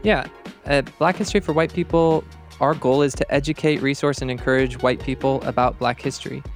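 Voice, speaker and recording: A man's voice: mid-range voice, steady tone, a little fast, faint music behind. A man appearing as a podcast guest, talking in an earnest, thoughtful way. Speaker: podcast guest, co-host of another show. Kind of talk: conversational podcast talk.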